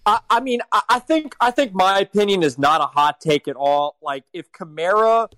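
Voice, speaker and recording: A man's voice: sits high, animated, normal speed, bright, forceful tone, dry recording. Guy on a sports panel stumbling over his words, dry close sound. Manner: stammering restarts, worried. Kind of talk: casual sports chat.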